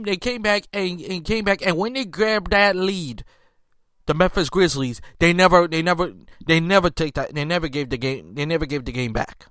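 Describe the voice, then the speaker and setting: A man's voice: on the high side, bright, forceful tone, dry recording, clean studio sound. A man hosting a casual sports commentary, ranting in a heated way with many restarts and incredulous outbursts. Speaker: sports podcast host.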